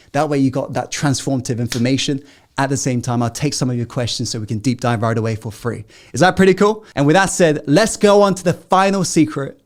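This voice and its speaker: A man giving a motivational masterclass to an audience, peppering them with questions and swinging between loud rallying and hushed intensity. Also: medium pitch. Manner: asks the audience constant questions. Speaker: self-help coach.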